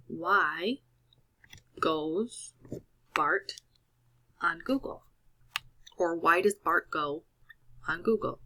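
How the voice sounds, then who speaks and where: A woman's voice: on the low side, animated, extremely slow, long pauses, fairly bright tone. A woman teacher patiently walking students through each step of a recorded screen-share lesson.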